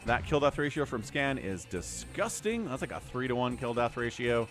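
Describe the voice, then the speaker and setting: Animated man casting a strategy game. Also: mid-range voice, normal speed, soft background music. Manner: excitable, chatty, thinks aloud. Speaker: game commentator and stream host. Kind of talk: live-streamed esports commentary.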